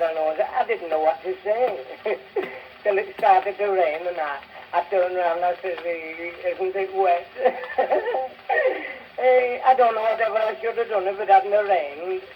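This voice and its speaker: A man's voice: sits high, dull audio, a little hiss or hum. A man with a Northern English accent delivering a bashful comic monologue, chuckling often, on an early gramophone recording. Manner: bashful, chuckling through his lines. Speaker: music hall comedian. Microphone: early acoustic gramophone recording.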